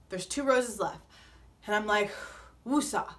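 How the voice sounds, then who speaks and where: A woman's voice: medium pitch, measured pace, fairly bright tone. A young woman vlogging a casual, dramatic recap, acting out her own reactions in a playful way. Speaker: vlogger recapping a reality show.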